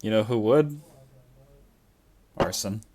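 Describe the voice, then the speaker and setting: A man playing a tabletop game with friends, speaking haltingly as he describes his character's actions. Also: lowish voice, background noise. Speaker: player. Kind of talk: casual play over voice chat.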